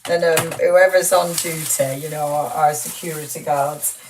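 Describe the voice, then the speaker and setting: A woman's voice: low-pitched, steady tone, moderate pace, far from the mic, a little hiss or hum, rough recording. A woman presenting a live craft show in a chatty, gushing, rambling way, full of ums and little laughs.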